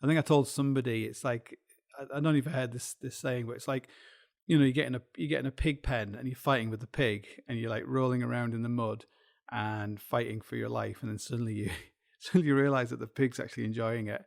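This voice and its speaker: A man's voice: mid-range voice, steady tone, quick pace, vocal fry. A middle-aged man with a Yorkshire accent hosting a podcast, musing in a meandering, self-deprecating solo monologue full of restarts and asides. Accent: Yorkshire English. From Yorkshire, England. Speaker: podcast host.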